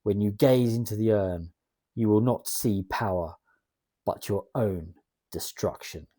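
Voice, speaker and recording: A man's voice: lowish voice, a little slow, warm tone, pitched below the performer's own voice. A man reading as an ominous, grim male wrestler.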